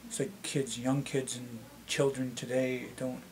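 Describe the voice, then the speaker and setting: A man's voice: flat delivery, measured pace. Canadian man rambling casually. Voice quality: slightly deep voice. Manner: rambling, many restarts and fillers. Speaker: vlogger. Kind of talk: casual rambling chat to camera.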